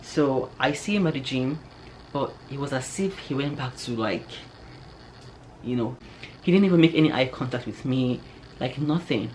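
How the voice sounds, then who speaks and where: A young adult woman vlogger telling a personal story in an animated, chatty way, peppered with "like" and "yo.". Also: very deep voice, moderate pace, slight background noise. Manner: animated, chatty, heavy use of "like" and "yo". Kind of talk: casual storytelling to camera.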